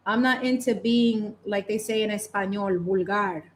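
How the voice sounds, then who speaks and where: A woman's voice: medium pitch, moderate pace, a little hiss or hum. A woman hosting a casual paint-along chat, talking in a chatty, playful way with lots of slang. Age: adult parent. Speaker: channel host.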